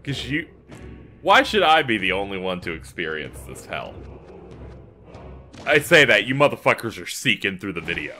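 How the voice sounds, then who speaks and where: A man's voice: lowish voice, very animated, moderate pace, long pauses, bright, forceful tone. A man commentating his game playthrough, ranting and swearing in exasperation. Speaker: gaming YouTuber. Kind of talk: let's play commentary. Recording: faint game music behind. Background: game music.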